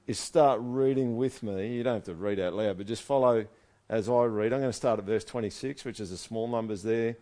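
A man preaching a sermon, reading scripture aloud and breaking off into lively, conversational comments for his congregation. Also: medium pitch. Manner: animated, conversational, swings from loud asides to quiet reading. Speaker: pastor.

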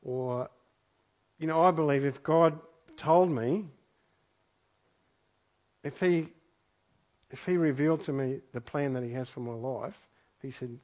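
A man's voice: medium pitch, moderate pace, pauses often, darkish tone. A man preaching a sermon, reading scripture aloud and then reflecting on it in an earnest way, often repeating his phrases for emphasis. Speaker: pastor.

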